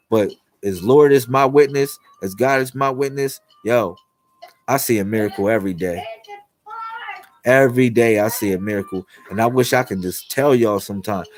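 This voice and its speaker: A young man talking to viewers on a livestream, preaching about God and miracles in a loose, repetitive, slangy way. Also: medium pitch. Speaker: livestream host. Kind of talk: spiritual livestream monologue.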